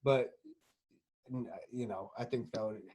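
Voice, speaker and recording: A man co-hosting a podcast, asking short, relaxed follow-up questions in casual chat. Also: mid-range voice, unhurried. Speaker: podcast co-host.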